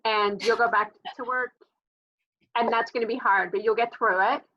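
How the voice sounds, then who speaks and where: A woman's voice: fairly high pitch, steady tone, normal speed, lo-fi sound. An older woman with an American accent interviewing and offering reassuring advice in a casual conversation.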